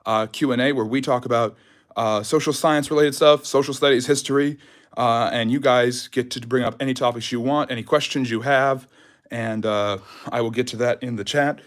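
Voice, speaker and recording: Man, out of breath, history livestream host, rambling casual chat, mid-pitched voice. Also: fairly even intonation, brisk, no room sound, studio quality. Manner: rambling, loose, full of fillers and restarts. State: out of breath after a jog.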